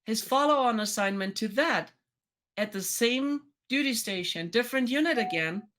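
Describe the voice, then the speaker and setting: A woman's voice: fairly high pitch, expressive, moderate pace, a bit bright. A woman co-hosting a podcast, telling a personal story in casual chat with lots of restarts and quoted dialogue. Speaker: podcast co-host.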